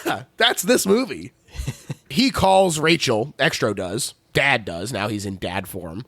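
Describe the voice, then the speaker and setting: A man's voice: mid-range voice, big pitch swings, slow pace, gravelly, a bit bright, no echo, clean studio sound. A man with a Philadelphia accent hosting a podcast, recapping a horror film in a casual, laughing, profane way. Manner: laughs often, swears, playful recapping. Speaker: podcast host. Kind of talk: casual movie recap chat.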